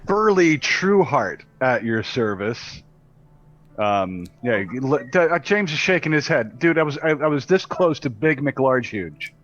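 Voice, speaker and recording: A man playing in a tabletop game, excited and joking about his character. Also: a little high, normal speed, few pauses, highs cut off. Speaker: player.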